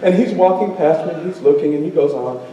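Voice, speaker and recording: A man storyteller telling a tale live to an audience in a school auditorium, animated and playful, drawing the crowd in with call and response. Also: a little high, a little fast, a little hiss or hum. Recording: very echoey hall from far off.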